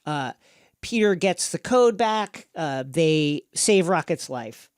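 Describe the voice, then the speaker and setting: A man hosting a podcast, recapping a film in a casual, animated way with many fillers. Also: fairly high pitch, takes it slowly, clean tone, no echo, clean studio sound. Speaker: podcast host.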